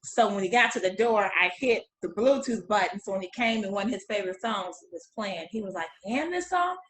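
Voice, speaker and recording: A woman guest in casual chat, telling a lively story, acting out quotes and laughing often. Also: medium pitch, brisk, echoey room, slight background noise, low-quality recording.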